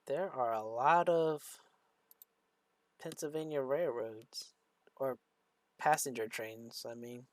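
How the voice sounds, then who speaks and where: A man giving casual commentary on a train simulator game, talking in a slow, halting way and chuckling as he reads out memes. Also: mid-range voice, no room sound. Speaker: train simulator video host.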